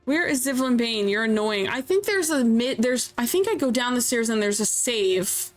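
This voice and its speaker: A woman streamer chatting casually while playing a game, telling stories in an animated way. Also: fairly high pitch, moderate pace, soft background music. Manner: chatty, animated storytelling with laughs. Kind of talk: casual chat while gaming.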